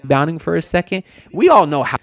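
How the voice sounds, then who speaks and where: A man's voice: a little high, big pitch swings, fast, fairly bright tone. A man in an older video talking casually about the team's players, rambling and opinionated. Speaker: host in an old clip. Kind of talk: casual sports commentary video.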